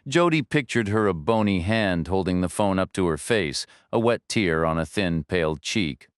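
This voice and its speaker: A man narrating a thriller audiobook in a steady, measured way, close to the mic. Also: low voice, no room sound.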